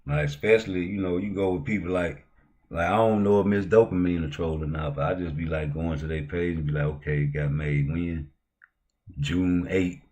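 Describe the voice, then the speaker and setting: A man hosting a livestream, talking in loose, profane, slang-heavy banter that heats up into loud outbursts. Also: deep voice, steady tone, moderate pace. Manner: heated, rising to loud outbursts. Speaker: livestream host. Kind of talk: casual livestream talk.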